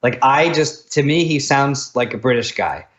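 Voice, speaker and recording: An American man with a mid-range voice talks casually as a podcast co-host. He is chatty and quick to jump in. His voice comes through a dull, lo-fi recording. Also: mid-range voice, expressive, fairly bright tone. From United States. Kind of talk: casual music-review chat. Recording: dull lo-fi sound.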